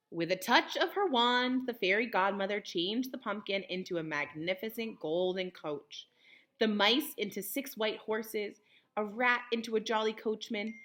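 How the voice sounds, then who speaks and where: A young woman teacher reading a picture book aloud to children, pausing to explain words in simple terms. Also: mid-range voice, fairly bright tone.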